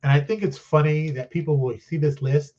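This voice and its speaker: A man's voice: on the high side, brisk, lo-fi sound. A man chatting as a guest on a live-streamed interview, telling stories in a loose, self-deprecating way and acting out the conversations he recounts. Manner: animated storyteller who acts out quoted conversations. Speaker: game designer and publisher guest.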